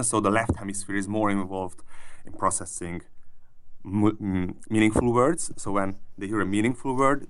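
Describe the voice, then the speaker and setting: A man's voice: fairly low pitch, noisy background. A man, a researcher guest in an interview, explaining his findings thoughtfully with frequent restarts and repeated words.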